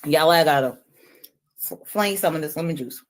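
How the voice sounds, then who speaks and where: A woman's voice: deep voice, normal speed, slight background noise. A woman livestreamer talking casually and brashly, taunting and cursing while she eats a lemon on stream. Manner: animated, talks while eating a lemon. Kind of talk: casual livestream trash talk.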